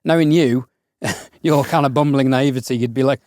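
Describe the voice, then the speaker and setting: A man co-hosting a podcast about audio engineering, speaking in a measured, reflective way with some teasing. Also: medium pitch, a little mellow, dry recording. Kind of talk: casual podcast chat.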